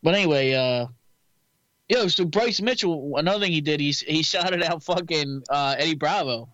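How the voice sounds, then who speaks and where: A man's voice: fairly high pitch, moderate pace, a bit bright, no room sound, dull audio. A man co-hosting a podcast in casual chat, loose and joking with plenty of swearing. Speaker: podcast co-host.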